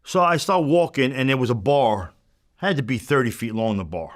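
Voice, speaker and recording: Here is a man sitting for an interview, spinning a long story in a blunt, profane way. He acts out both sides of the exchanges as he goes, in a voice of ordinary middle pitch. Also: sing-song, normal speed. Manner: blunt, profane, re-enacts exchanges as he tells them. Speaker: interview guest.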